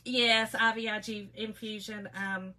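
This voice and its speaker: A woman's voice: medium pitch, flat delivery, unhurried, pushed and bright, low-quality recording. A middle-aged woman, hosting a casual craft livestream in a folksy, chatty way and greeting viewers by name.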